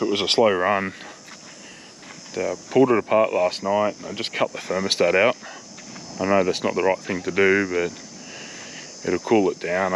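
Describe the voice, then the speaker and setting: Laid-back Australian man with a lowish voice. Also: fairly bright tone, slight background noise, low-quality recording. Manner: laid-back, plain-spoken, swears casually. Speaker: travel vlogger. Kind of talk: casual vlog narration.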